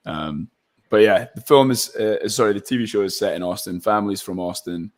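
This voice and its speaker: A young man from Scotland talks casually as a guest actor, with a slightly low voice. He rambles and restarts often, leaning on plenty of fillers. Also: fairly quick. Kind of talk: casual interview chat.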